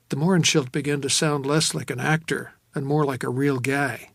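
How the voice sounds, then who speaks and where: A man narrating a first-person audiobook in a measured, wry, low-key manner. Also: fairly even intonation, gravelly, a bit bright, breathy edge, dry recording, clean studio sound.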